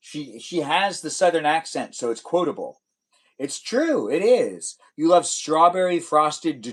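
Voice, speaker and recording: A young man hosting a livestream, chatting casually and playfully teasing viewers as he reads their comments aloud. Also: a little high. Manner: rambling, playful teasing, talks straight to chat viewers. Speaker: livestream host.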